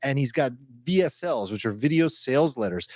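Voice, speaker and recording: A man's voice: mid-range voice, animated, brisk, a little mellow, no echo. Podcast host, male, easygoing questioner, dry close mic. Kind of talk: casual chat.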